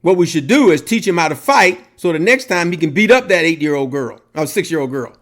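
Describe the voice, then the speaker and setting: Lively high-pitched man telling stories. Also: fairly quick. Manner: animated storyteller, laughs often. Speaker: podcast co-host. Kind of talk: casual chat.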